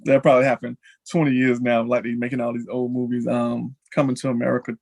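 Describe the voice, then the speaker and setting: A man hosting a casual celebrity chat show, talking in an animated way and leaping high in pitch when excited. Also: fast, vocal fry. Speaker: show host.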